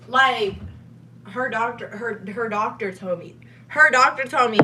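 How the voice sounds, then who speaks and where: A young woman chats loudly on a live stream from her home kitchen, rambling and swearing freely. Her voice sits a little high. A faint hiss runs under the recording. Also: measured pace. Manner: loud, swearing, animated rambling. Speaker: livestreamer. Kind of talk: casual live stream chat.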